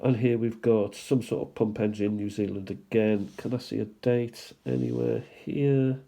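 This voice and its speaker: A man hosting a stamp collecting channel, musing aloud in an unhurried way as he shows stamps one by one, with small asides. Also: on the low side, steady tone, vocal fry, mellow. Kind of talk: casual show-and-tell commentary.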